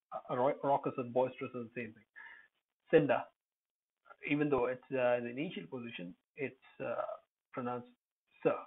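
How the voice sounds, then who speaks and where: A man teaching English pronunciation in a relaxed lesson, calling out single words loudly and explaining them with hesitant pauses. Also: medium pitch, slightly rough. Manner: hesitant, many uh fillers, thinks aloud. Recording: tinny phone-quality recording.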